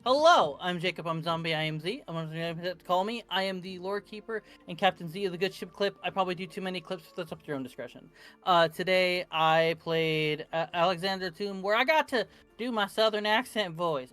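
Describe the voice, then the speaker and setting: Bright-voiced man rambling on a call. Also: high-pitched, brisk, soft background music. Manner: rambling, self-correcting, many fillers. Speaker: tabletop game player. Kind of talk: casual post-game chat. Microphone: computer mic on voice call.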